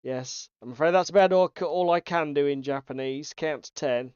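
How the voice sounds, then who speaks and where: Slow, easygoing man for a casual chat podcast, smooth and clear, dry sound. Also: fairly high pitch, a little mellow, dry recording. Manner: chatty, swearing, reads out chat comments. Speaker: podcast co-host. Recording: dull, slightly lo-fi sound.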